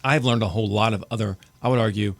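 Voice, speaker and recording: A fairly low-pitched man in his thirties chats on a real estate podcast. He tells stories in a lively, talkative way that fires up when he cares. The sound is dry and close. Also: fast, creaky, no echo. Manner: animated, talkative storyteller. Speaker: podcast co-host, realtor. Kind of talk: casual podcast chat.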